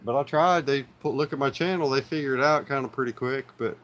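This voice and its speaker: A man with an Oklahoma accent and a medium-pitched, slightly bright voice talks quickly during a casual live stream. He's easygoing and rambling, filling gaps with fillers and greeting viewers as "y'all."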